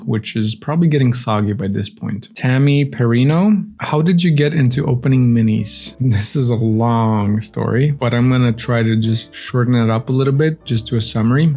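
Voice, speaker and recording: Man, mid-pitched voice, casual vlog host, rambling chatter, fillers and restarts, faint guitar music behind. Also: a little mellow. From grew up outside the USA. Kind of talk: casual chat while eating on camera.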